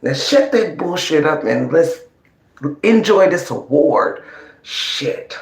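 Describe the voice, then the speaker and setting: An online commentator on a livestream delivers a mocking, profane rant, taunting and gloating at opponents. The voice is medium in pitch, expressive, slow, and creaky, with a roomy echo.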